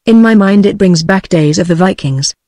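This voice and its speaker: A jovial, booming male sea captain acting as a fight announcer in a storybook, read by a synthetic British woman's voice. The delivery is flat and machine-made at a mid pitch. The sound is dry. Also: moderate pace, no room sound, lightly acted. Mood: grandiose. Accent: British English.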